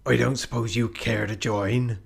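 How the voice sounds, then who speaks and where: A man's voice: medium pitch, steady tone, creaky, slightly rough, full character voice. Man doing a drunken piratey sea captain. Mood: taunting. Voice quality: slurred, piratey drawl. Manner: slow, taunting, lurching. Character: drunken swaying male ship captain, mocking.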